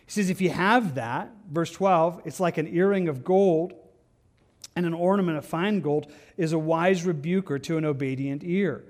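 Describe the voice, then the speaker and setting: A man with a somewhat high voice teaches from scripture in an earnest, conversational tone. He often stumbles, repeats words and starts his sentences over as he goes. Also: moderate pace, a little mellow. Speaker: pastor. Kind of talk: devotional Bible teaching.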